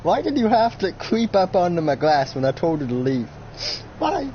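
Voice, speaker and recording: A man's voice: very animated, moderate pace. A young man voicing a furious 54-year-old man who screams and nearly cries over his broken glass, in an improvised role-play. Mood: anguished. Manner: shrill, screaming, near tears. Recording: dull lo-fi recording, faint noise.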